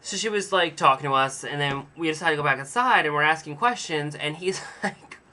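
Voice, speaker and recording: A man's voice: a little high, fairly quick, sharp tone. Rambling self-deprecating man vlogging. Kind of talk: casual storytelling.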